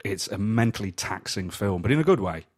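A man's voice: fairly low pitch, lively intonation, brisk. A man hosting a casual film review chat, leading the talk and summing up the plot. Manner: leads the talk, summarizes plots. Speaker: podcast host.

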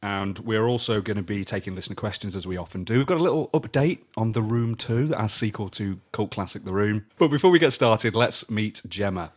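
A man's voice: lowish voice, a little fast, hardly any pauses. A man hosting a film podcast in an upbeat, jokey way. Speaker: podcast host. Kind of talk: casual podcast chat.

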